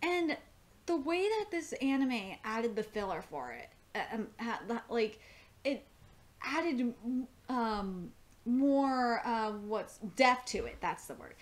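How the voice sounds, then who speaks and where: A woman's voice: on the high side, big pitch swings, slow pace. A woman giving live reaction commentary on an anime episode, rambling and enthusiastic with lots of fillers and restarts.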